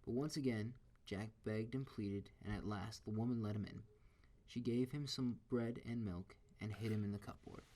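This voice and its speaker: A man reading a children's story aloud in a steady, expressive way. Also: lowish voice, moderate pace.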